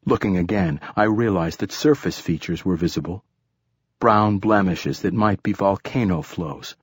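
A man narrating a first-person audiobook in a steady, even storytelling manner. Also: sits low, breathy edge, dry recording, studio quality.

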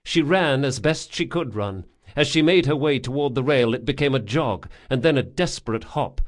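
A man reads a fantasy novel aloud in a steady, dramatic narration. His voice sits in an ordinary middle register, with measured pacing through the action. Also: mid-range voice. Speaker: audiobook narrator.

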